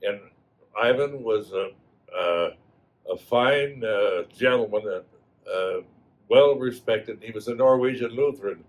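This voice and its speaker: Halting elderly man reminiscing. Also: lowish voice, rough recording. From Wisconsin. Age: 80s. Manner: halting, many fillers and restarts. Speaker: alumnus guest. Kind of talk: reminiscing storytelling.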